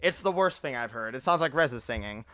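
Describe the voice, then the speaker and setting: Bright, excitable young streamer guy. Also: mid-range voice, fairly quick. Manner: excitable, laughs often, uses fillers like bro. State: tired. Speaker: livestreamer. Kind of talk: casual live reaction chat.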